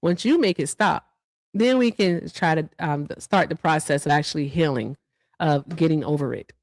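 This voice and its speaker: A woman's voice: deep voice, moderate pace, darkish tone, no room sound. A woman co-hosting a livestream show, chatting casually and reading out viewer thank-yous with asides. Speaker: livestream co-host.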